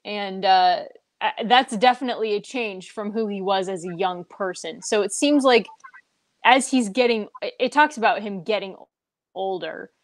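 A woman's voice: medium pitch, normal speed, no room sound. A woman hosting a casual book discussion, chatty and laughing often between her points.

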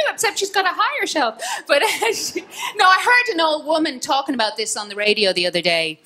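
A woman's voice: sits high, lively intonation, brisk, bright, forceful tone. A woman doing a stand-up set on stage, cheeky and laughing at her own lines. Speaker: stand-up comedian. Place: comedy club stage.

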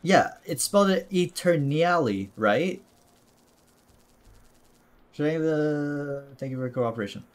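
A man's voice: on the high side, animated, a little slow, pauses often. A man streaming a video game, chatting casually to himself and his viewers in a jokey way. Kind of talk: casual gameplay commentary.

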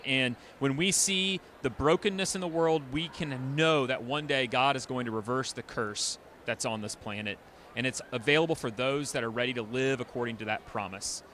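A man's voice: medium pitch, normal speed, pushed and bright, slight background noise. A man hosting for the church, speaking conversationally to online viewers with filler words after the sermon. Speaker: church host. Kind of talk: closing remarks to online viewers.

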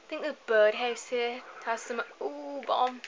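A woman's voice: fairly high pitch, fairly even intonation, measured pace. A woman giving casual, rambling commentary over a video game, chatty and often apologizing in asides. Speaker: gameplay commentator. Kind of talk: casual let's-play commentary. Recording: slightly dull lo-fi home mic with faint hiss.

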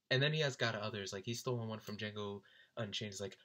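A young adult man casually telling a concert story, animated and laughing often as he mimics his friends. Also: medium pitch, moderate pace. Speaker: vlogger recounting a concert.

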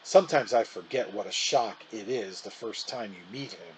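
A man reading a children's novel aloud in an animated storytelling manner. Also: on the low side, normal speed, slight background noise, poor audio.

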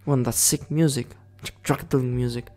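A man chatting through a video game in loose, rambling commentary. He giggles often and swears freely, in a voice of ordinary middle pitch. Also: fairly even intonation, brisk, warm tone. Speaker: gaming video creator.

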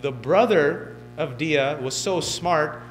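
A man in his thirties giving an animated, joking fundraiser speech, acting out other people as he tells stories. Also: on the high side, takes it slowly, faint music behind, poor audio. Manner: animated, joking storyteller who mimics others. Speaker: keynote speaker. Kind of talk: motivational speech. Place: event hall.

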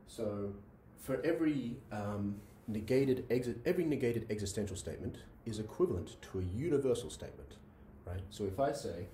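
A man with a lowish, mellow voice speaks fairly quickly and with few pauses, animated as he works through examples in a university logic lecture and checks in with "right?" between fillers. Slight background noise is audible. Echo, distance and faint ambience mark the recording.

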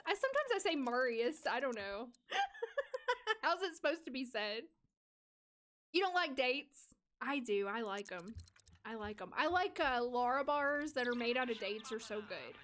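Giggly high-voiced woman streamer. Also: sing-song, unhurried, a bit bright. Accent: American. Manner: giggly, chatty, reads and answers chat. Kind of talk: casual live-stream commentary.

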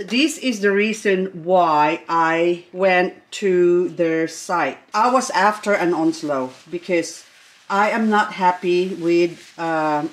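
A middle-aged woman hosting a gardening channel, gushing and exclaiming with frequent laughter as she unboxes plants. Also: lowish voice. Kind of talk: excited unboxing vlog.

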